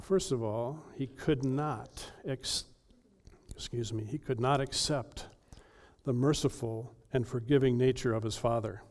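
A male pastor preaching an earnest sermon with emphatic delivery and dramatic pauses. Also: mid-range voice, darkish tone.

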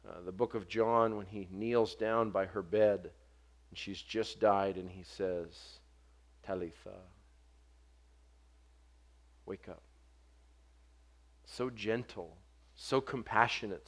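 Earnest lower-voiced male preacher. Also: slow. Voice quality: short stature mentioned, not vocal. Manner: earnest, rising to forceful emphasis then dropping soft for quotes. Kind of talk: sermon.

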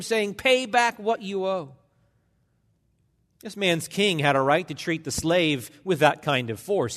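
Impassioned preacher in a reverberant sanctuary. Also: male voice, high voice, fairly bright tone. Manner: impassioned, emphatic preaching with dramatic pauses. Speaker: pastor. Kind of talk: sermon. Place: large church sanctuary.

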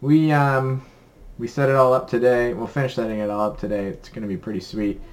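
A young man chats casually on a podcast. He rambles in an upbeat way and fills his pauses with ums. His voice sits at a middle pitch. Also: fairly even intonation. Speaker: podcast co-host. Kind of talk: casual chat.

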